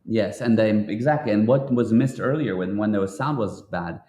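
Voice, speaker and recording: A man's voice: on the low side, moderate pace, dark tone. A man talking as a guest in a casual livestream chat. He agrees readily and often answers with short affirmations. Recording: echoey room.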